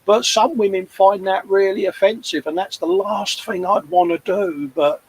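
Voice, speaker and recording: Over poor audio, a co-host of a model-building livestream chats casually and tells rambling stories. He's in his fifties with an East London accent, and his high, husky voice has a darkish tone, fairly even intonation and a moderate pace.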